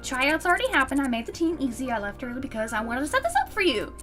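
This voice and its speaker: A woman puts on an excitable young roommate for a visual novel, pitched even higher and brighter than her own voice. She is bubbly and bossy, and every line jumps up and down with energy. Faint music sits underneath. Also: quick pace. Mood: excited. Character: peppy bossy young female college roommate.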